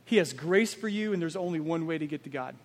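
A man's voice: on the high side, animated, fast talker, big-room sound. A man preaching a sermon as pastor, emphatic and full of rhetorical questions.

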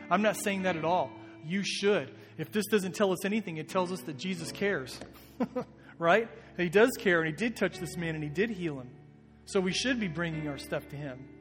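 A man preaching a sermon as a pastor, in an earnest, conversational way. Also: high voice. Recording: long reverb with soft guitar behind.

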